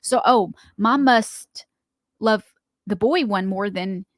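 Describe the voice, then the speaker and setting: A woman's voice: medium pitch, dry recording, studio quality. A woman, co-hosting a radio morning show in casual, rambling chat and laughing easily. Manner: chatty, rambling storyteller, quick to laugh. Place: radio studio.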